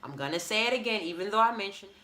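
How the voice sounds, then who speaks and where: A woman's voice: medium pitch, animated, quick pace, pushed and bright, roomy sound. A woman hosting a motivational podcast, speaking earnestly and encouragingly, often repeating phrases for emphasis. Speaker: podcast host.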